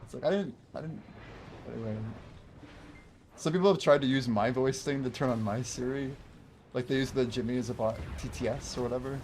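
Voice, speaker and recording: Wearing headphones while livestreaming a game, a man chats casually in a brisk, mid-range, slightly mellow voice, with a bit of hiss or hum. He responds to viewers in chat and frequently laughs.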